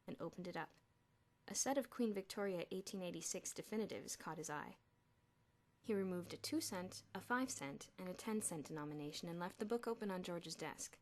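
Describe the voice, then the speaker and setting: A woman's voice: fairly low pitch, a little fast. A woman narrating a children's novel as an audiobook, telling the story expressively. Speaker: audiobook reader.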